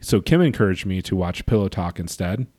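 A man co-hosting a podcast, chatting casually with quick jokey asides. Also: low-pitched, lively intonation, a little mellow, dry recording, studio quality. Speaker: podcast co-host. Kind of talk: casual chat.

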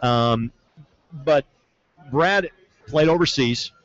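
Man, soccer broadcaster, casual podcast guest, relaxed storyteller, mid pitch, muffled lo-fi audio. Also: drawn-out words. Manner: relaxed storyteller, acts out quotes.

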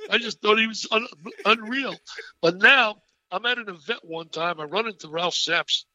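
A man in his eighties, an excitable and animated storyteller, talking as an interview guest. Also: high voice, no room sound, lo-fi sound. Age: 80s.

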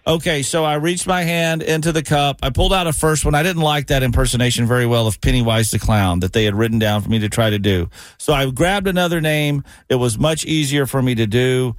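A man's voice: mid-range voice, fairly quick, few pauses, dry recording. A man hosting a morning radio show, casual and self-mocking as he runs a giveaway.

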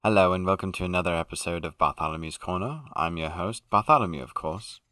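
A man playing a pompous aristocratic English gentleman who hosts a comedy podcast, in a put-on upper-class British accent, fussy and self-correcting. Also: deep voice, fast talker, no echo, studio quality. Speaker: podcast host.

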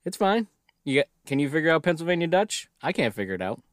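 A man's voice: fairly high pitch, very animated, quick pace, dry recording, studio quality. A man co-hosting a casual comedic chat, joking and reading a story aloud. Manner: joking, reads story aloud, laughs often. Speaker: podcast co-host.

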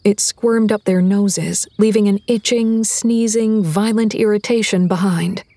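Woman narrator, horror audiobook, mellow dark tone, measured delivery. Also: mid-range voice, steady tone, dry recording.

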